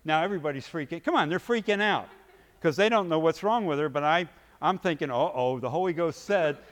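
A man preaching, telling a story vividly and acting out its scenes, his loudness swinging from hushed to booming. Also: brisk, big-room sound. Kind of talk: sermon storytelling.

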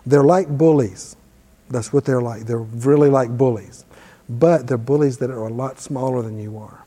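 A man's voice: mid-range voice, normal speed, dark tone, long reverb tail. A man teaching informally and telling a personal story, conversational and self-deprecating. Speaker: ministry teacher.

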